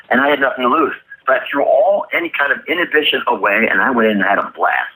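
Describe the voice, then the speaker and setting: A man guest on an interview podcast, telling animated stories about his acting career and laughing often. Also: mid-range voice, quick pace, hardly any pauses, breathy edge, rough recording. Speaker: actor guest. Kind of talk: casual interview storytelling.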